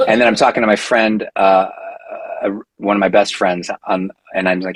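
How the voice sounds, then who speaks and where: Husky-voiced man telling a story. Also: on the low side, normal speed, no echo, low-quality recording. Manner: animated storyteller, many fillers and restarts. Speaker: podcast guest, actor. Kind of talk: casual storytelling interview.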